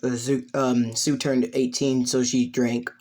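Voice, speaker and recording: A man's voice: mid-range voice, flat delivery, unhurried, darkish tone, lightly acted. A man voicing a cocky, laid-back rich young man in a casual, offhand near-natural voice.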